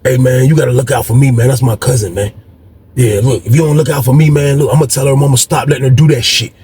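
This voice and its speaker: A man's voice: mid-range voice, fairly even intonation, fast, mellow, slight background noise, voice pushed down, lightly acted. A man voicing a pushy male inmate who keeps insisting on getting his cut. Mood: insistent. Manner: insistent, wheedling.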